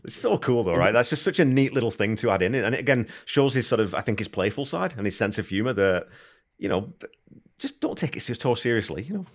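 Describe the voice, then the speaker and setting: A man's voice: mid-range voice, expressive, fairly quick. A man hosting a podcast interview, enthusiastic and conversational, thinking aloud as he asks questions. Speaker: podcast host. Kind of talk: casual interview chat.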